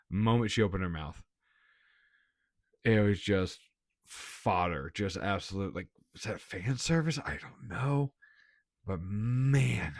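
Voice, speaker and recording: A man's voice: low-pitched, dry recording, clean studio sound. A man giving a casual, blunt movie review, laughing often and swearing.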